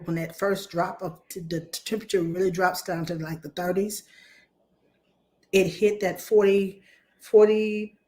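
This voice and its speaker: A woman, talking casually to camera in a rambling, animated way, her voice still a little hoarse from laryngitis. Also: fairly low pitch. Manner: rambling, animated storytelling with restarts. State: recovering from laryngitis, slightly hoarse. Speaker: vlogger. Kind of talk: casual chatty talk to camera.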